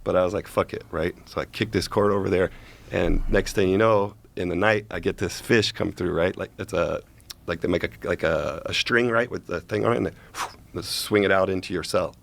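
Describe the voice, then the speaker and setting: A man's voice: sits low, brisk, gravelly. A man casually telling a long story as a guest, profane and rambling, checking in with "right?" as he goes.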